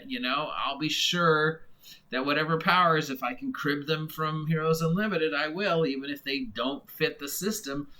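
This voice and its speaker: Rambling man with a bright, tense voice. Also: on the high side. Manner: rambling, with many fillers and restarts; mock voices when imitating others. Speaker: game reviewer. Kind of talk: casual monologue.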